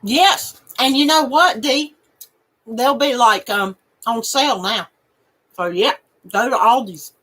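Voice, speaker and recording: A woman's voice: on the high side, slow pace, a bit bright. A woman hosting a crochet channel, chatting casually with viewers and laughing and snorting often. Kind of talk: casual live chat reading viewer comments.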